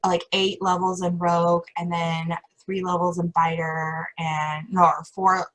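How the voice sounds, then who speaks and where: A woman's voice: lowish voice, flat delivery, measured pace, a bit bright, poor audio. A middle-aged woman chatting as a guest in an interview, rambling and self-correcting with frequent laughter. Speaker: podcast guest. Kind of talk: casual interview chat.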